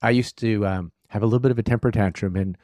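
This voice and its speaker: Middle-aged male podcast host, lowish pitch, dry recording, anecdotal and relaxed. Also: fast, no room sound. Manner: chatty, storytelling, laughs often. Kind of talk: conversational interview.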